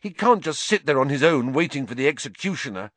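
An earnest, anxious teenage schoolboy, as a man plays him in a storybook reading. The voice sits well above the narrator's own, and the lines come out urgent and forceful. The sound is close and dry. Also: mid-range voice, sing-song, fast talker, dry recording, pitched above the performer's own voice. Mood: urgent, uneasy.

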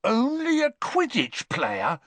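A man voicing an excitable, starstruck teenage boy wizard who gushes and scoffs by turns, in a lively reading. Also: fairly high pitch, no echo, pitched above the performer's own voice. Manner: eager, gushing, quick to scorn.

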